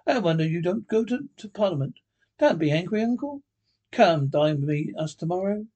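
A man voicing a cheerful, earnest young man in a storybook reading, warm-hearted and pleading, with a husky voice. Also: sits high, animated, moderate pace.

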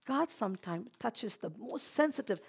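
A woman preaching a sermon, swinging from hushed, near-whispered lines to loud, excited exclamations. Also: fairly high pitch, normal speed, vocal fry, husky.

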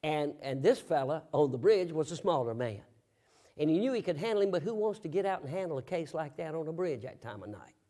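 A man preaching a sermon, telling a story in a folksy way, asking rhetorical questions and bursting into loud, emphatic shouts. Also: on the high side, big pitch swings, fairly quick.

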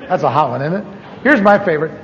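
A pastor with a high-pitched voice preaches in a self-mocking, humorous storytelling way. His voice rings out with a long reverb through a large hall. The recording is dull and lo-fi, with a faint hiss underneath. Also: expressive, quick pace. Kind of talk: storytelling sermon.

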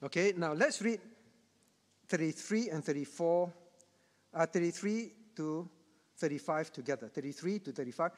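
A man's voice: fairly high pitch, lively intonation, normal speed, pauses often. A man pastor teaching the Bible to a congregation, with a repetitive, emphatic delivery and chuckling asides. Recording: long hall reverb.

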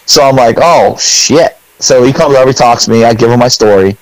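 Middle-aged male podcast co-host, mid-pitched, animated storyteller with lots of fillers, dry close sound. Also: brisk, no room sound, rough recording. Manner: animated storyteller, acts out his own lines; rambling with many fillers. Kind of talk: casual storytelling chat.

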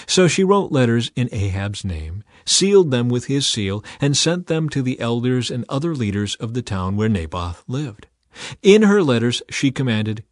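A man reading scripture aloud in a measured, scripted way, lifting his voice a little for quoted speech. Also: very animated, no room sound, clean studio sound. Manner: measured, quotes read a little higher and louder. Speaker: Bible reader.

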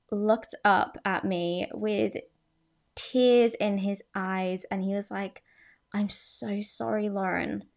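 A young woman in her twenties talks through her own dating past on a podcast. Her delivery is candid and chatty, full of fillers and asides, and she keeps poking fun at herself. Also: medium pitch. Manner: self-deprecating, chatty, many fillers and asides. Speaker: podcast host. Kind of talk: candid confessional podcast monologue.

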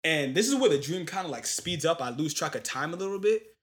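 A young man in casual chat, telling a long story in animated, slangy talk with lots of fillers. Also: a little high, a little fast.

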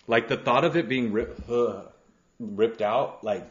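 A man's voice: medium pitch, unhurried, breathy edge. A man co-hosting a casual podcast, swearing, laughing and ranting about things that gross him out. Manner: crude, laughing, squeamish rants. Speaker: podcast co-host. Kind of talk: casual chat. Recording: dull lo-fi sound.

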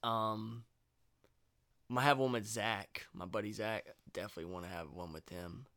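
Laid-back podcast host, smooth and clear, casual and profane. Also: male voice, on the low side, normal speed, pushed and bright. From Virginia, US. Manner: laid-back, swears freely, drawls "y'all". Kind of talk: casual chat.

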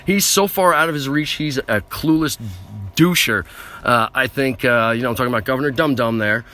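A man's voice: mid-range voice, fairly quick, sharp tone, slight background noise. A man hosting his own podcast, ranting in a boastful, brash, self-aggrandizing way from a small vehicle used as a mobile studio. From United States. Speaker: podcast host. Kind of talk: rambling comic rant.

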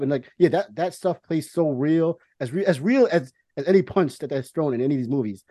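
A man's voice: on the high side, lively intonation, a little fast, few pauses, mellow, no room sound. A man co-hosting a podcast, talking casually in a rambling, profane way with many restarts. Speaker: podcast co-host.

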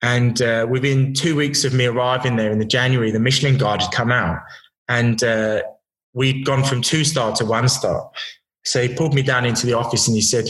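A man's voice: mid-range voice, steady tone, a little fast, fairly bright tone. A man in his thirties, a chef, telling kitchen stories in casual podcast chat, blunt and swearing freely with many restarts. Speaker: chef guest. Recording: roomy echo.

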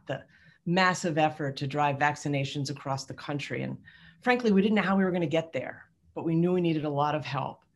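A woman giving a prepared, heartfelt tribute toast to a colleague at an awards event. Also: deep voice. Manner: heartfelt and rhetorical.

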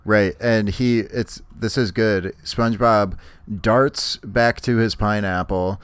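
A man's voice: fairly low pitch, steady tone, slow pace, smooth, no echo. A man co-hosting a podcast, casually recapping a cartoon episode and acting out quoted lines in playful voices. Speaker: podcast co-host.

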